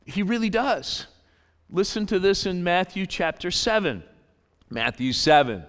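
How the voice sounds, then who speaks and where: Casting: male pastor, high clear voice, lively sermon delivery, long church-hall reverb. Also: a little slow. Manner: animated, repeats phrases, acts out voices in quotes. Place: church sanctuary.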